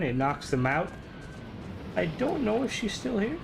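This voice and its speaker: A man's voice: high voice, sing-song, a little slow, creaky, pauses often, noisy background. Chatty Irish man streaming a game. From Ireland. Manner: rambling, chatty, full of filler words. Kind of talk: casual gameplay commentary.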